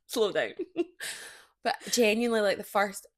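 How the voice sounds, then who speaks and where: A young Scottish woman co-hosting a podcast, giggly and self-deprecating, often trailing off softly. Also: medium pitch, sing-song, slow. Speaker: podcast co-host. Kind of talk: casual chat.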